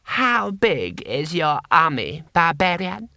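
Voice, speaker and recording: A man reading an audiobook, voicing a proud warlord who speaks slowly and formally. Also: fairly high pitch, very animated, vocal fry, bright, forceful tone, dry recording, studio quality, voice pushed up, full character voice. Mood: stern.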